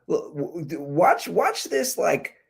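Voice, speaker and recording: Male podcast host, high and bouncy delivery, animated joking rant, laptop mic. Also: slow, gravelly, breathy edge. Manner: animated, jokey, talks over clips. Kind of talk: ranting commentary on viral videos. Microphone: computer's built-in mic.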